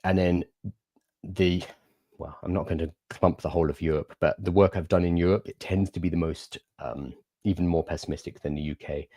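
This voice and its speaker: A man's voice: low-pitched, fairly even intonation, brisk, dark tone, no room sound, studio quality. A young man hosting a livestream, chatting casually and answering viewer questions in an explanatory way. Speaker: livestream host.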